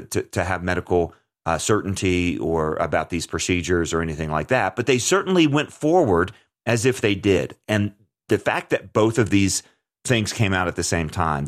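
A man with a very low voice talks through a topic in conversational commentary. He is earnest and emphatic and often restarts mid-sentence as he hosts the show.

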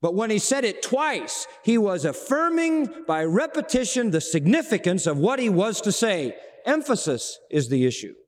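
Expressive preacher in a reverberant hall. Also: male voice, high-pitched, normal speed, hardly any pauses. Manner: expressive, rhetorical questions, acts out dialogue. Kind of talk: sermon. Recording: long reverb of a large hall.

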